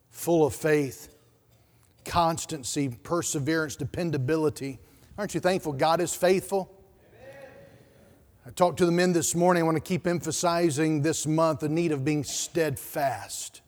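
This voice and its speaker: High-voiced male pastor preaching in a reverberant church. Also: measured pace. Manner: emphatic preaching with repeated words and rhetorical questions. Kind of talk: sermon.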